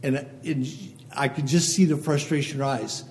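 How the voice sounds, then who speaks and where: A man's voice: mid-range voice, fairly even intonation, normal speed, a little mellow, a little hiss or hum. A man preaching a sermon to a congregation in short phrases, reading scripture aloud and checking in with listeners. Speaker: pastor. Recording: long hall reverb.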